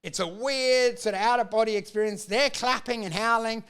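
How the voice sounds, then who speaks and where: A man's voice: very high-pitched, normal speed, a bit bright, smooth. An Australian man and comedian in casual chat, ranting with lots of swearing and frequent laughter. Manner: profane, ranting, laughing often. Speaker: comedian, podcast guest.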